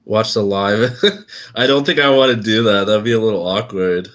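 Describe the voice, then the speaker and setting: Deep-voiced guy just rambling on his own live stream, laughs a lot. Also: steady tone, normal speed, a bit bright. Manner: rambling, chatty, laughs often. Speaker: vlogger hosting his own channel. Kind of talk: casual live-stream chat.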